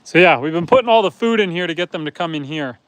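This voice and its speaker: A Canadian man is live-streaming outdoors on his farm, near a truck and some pigs, chatting casually, reading viewer comments and explaining his chores as he works. His voice sits a little high and sounds expressive and a bit bright. He talks fast, and the recording has no echo.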